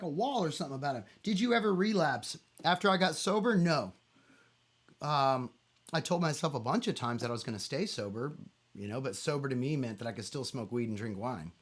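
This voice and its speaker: Candid middle-aged man chatting from home. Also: fairly high pitch. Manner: open, rambling, candid, with many fillers and restarts. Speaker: musician hosting a home livestream. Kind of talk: casual livestream chat and Q&A.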